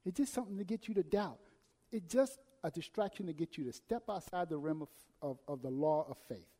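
High-voiced preacher in a reverberant hall. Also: male voice, fairly quick. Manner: dramatic swings between loud and hushed delivery. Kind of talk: sermon.

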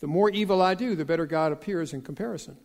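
A man's voice: fairly high pitch, quick pace, darkish tone, long reverb tail. A man preaching a sermon, telling folksy joke stories and acting out the dialogue with animation. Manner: folksy storytelling with jokes.

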